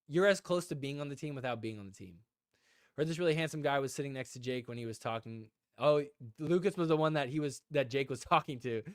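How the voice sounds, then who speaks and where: A man's voice: medium pitch, smooth, no echo. Chatty man host, dry sound. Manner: rambling, lots of filler "like"; talks to viewers in the chat. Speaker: podcast host. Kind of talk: casual live-stream chat.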